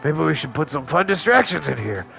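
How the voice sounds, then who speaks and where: A man's voice: fairly high pitch, very animated, brisk, gravelly, a bit bright, soft background music, exaggerated voice. A man voicing an earnest, awkward teenage werewolf boy who rambles eagerly and misses every hint.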